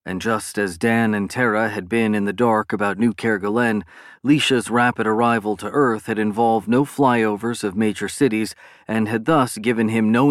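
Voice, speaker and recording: A male audiobook narrator with a voice on the low side reads a science fiction novel from a script, keeping his delivery steady and measured. The studio audio is clean, with no room sound.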